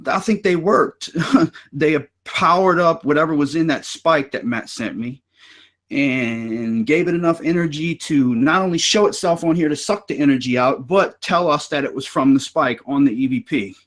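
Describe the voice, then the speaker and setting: A man running a live paranormal investigation, talking excitedly and profanely and calling listeners dude and bro. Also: medium pitch, rough recording. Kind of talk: live ghost-hunting session. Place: indoors, room where he investigates.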